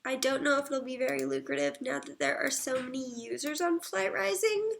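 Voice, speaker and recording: A woman livestreaming, chatting casually, reading viewer comments aloud and murmuring soft asides. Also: high voice, very animated, fairly quick, creaky, a little hiss or hum.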